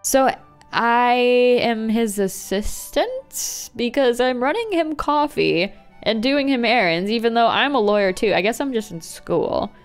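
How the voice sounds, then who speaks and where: A woman giving excitable, jokey let's-play commentary as a gaming YouTuber. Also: a little high, unhurried, faint music behind.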